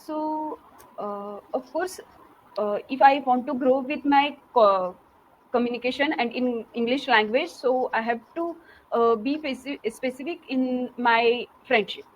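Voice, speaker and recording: A woman learning English, speaking haltingly with many fillers and restarts in a casual conversation. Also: high-pitched, dull audio.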